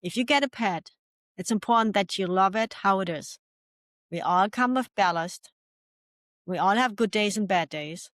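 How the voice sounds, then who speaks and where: A woman's voice: mid-range voice, normal speed, fairly bright tone, no echo, studio quality. A woman co-hosting a podcast, cutting in with direct, earnest points in casual chat. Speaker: podcast co-host.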